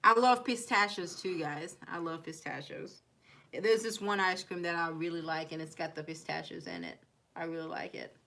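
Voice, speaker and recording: A woman's voice: fairly low pitch, lively intonation, normal speed, gravelly, bright, forceful tone. A young woman with a mixed Haitian and Kentucky accent chatting casually on a live stream, rambling, reading viewer comments aloud and laughing often. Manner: laughs often, giggly asides.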